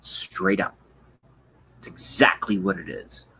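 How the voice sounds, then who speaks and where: A man's voice: deep voice, takes it slowly, sharp tone, slightly rough, rough recording. A man hosting a livestream, delivering an angry, profane political rant with contempt. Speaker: livestream host.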